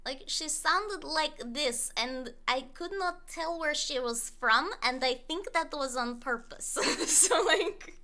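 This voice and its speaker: A woman's voice: sits high, expressive, takes it slowly, hardly any pauses, pushed and bright. A young woman streaming a video game, rambling casually with many fillers, swearing and laughing. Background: faint music playlist.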